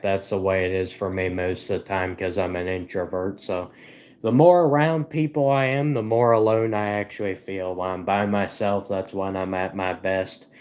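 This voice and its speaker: A man's voice: sits low, darkish tone. Rambling, giggly male live streamer. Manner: rambling, self-deprecating, giggly. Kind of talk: casual live-stream chat.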